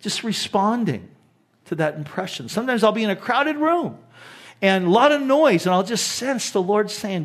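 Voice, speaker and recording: High-voiced pastor in his sixties preaching. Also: normal speed. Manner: animated storytelling, drops to hushed emphasis. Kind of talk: sermon.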